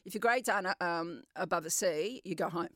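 A middle-aged Australian woman telling stories in a casual interview, lively and quick to laugh. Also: lowish voice, no room sound, clean studio sound. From Western Australia. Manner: lively, chatty, laughs often. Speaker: guest, champion open water swimmer.

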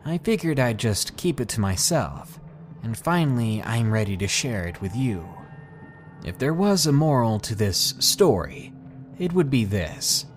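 A man hosting a podcast, narrating a scary first-person story in a hushed, suspenseful way. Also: medium pitch, sing-song, unhurried, faint music behind. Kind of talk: scripted horror story narration.

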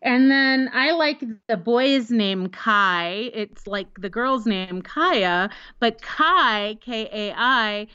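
Playful woman podcast co-host, slow and clear, slightly dull dry recording. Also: on the high side, lively intonation, bright, forceful tone, no room sound. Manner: playful, spells names out letter by letter. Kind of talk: casual chat about baby names.

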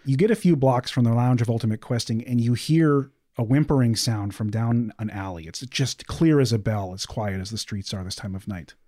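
A man running a tabletop game as game master, calmly narrating scenes and calling for dice rolls. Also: medium pitch, a little fast, few pauses, dry recording, studio quality. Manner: calm, descriptive narration.

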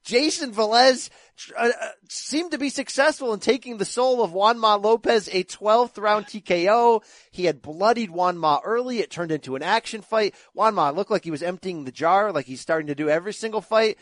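A man with a fairly high voice hosts a casual sports chat, making his points emphatically and arguing for his picks. The sound is close and dry, with no room echo. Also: moderate pace. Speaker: podcast host.

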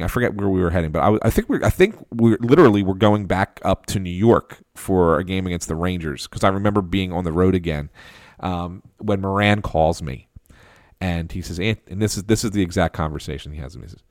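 Low-voiced man telling a story. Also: fairly quick, dry recording, clean studio sound. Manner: animated anecdotal storyteller, frequent restarts and laughs. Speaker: podcast co-host. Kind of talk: casual storytelling chat.

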